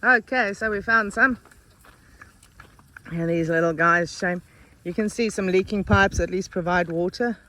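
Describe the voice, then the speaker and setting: A woman's voice: a little slow, pauses often. A woman narrating a vlog from a truck on a dry farm road, chatty and easygoing. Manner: chatty, coos to cows in a high baby voice. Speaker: animal rescue volunteer. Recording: loud wind and vehicle noise outdoors. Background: truck engine, cows, cowbells.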